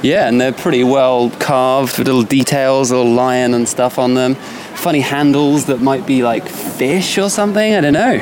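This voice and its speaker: An easygoing young man from Somerset co-hosts a travel podcast in a relaxed, chatty voice. He jokes around lightly and speaks at a medium pitch, recorded outdoors. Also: normal speed, background noise. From England, Somerset. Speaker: podcast co-host. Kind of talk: casual travel podcast chat. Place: outdoors at a seaside fort.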